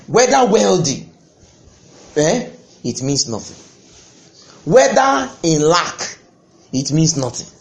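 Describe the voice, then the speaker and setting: A man preaching a sermon, impassioned, breaking into sudden loud bursts. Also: fairly high pitch, sing-song, slow pace, pauses often.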